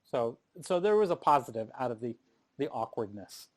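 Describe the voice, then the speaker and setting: A man's voice: medium pitch, normal speed. A middle-aged man speaks on a live panel and recounts his career in an easygoing, chatty way. He often restarts his sentences, and his voice sits in a plain middle register. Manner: animated storyteller, frequent restarts. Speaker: panel guest, performer. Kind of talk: casual storytelling on a panel.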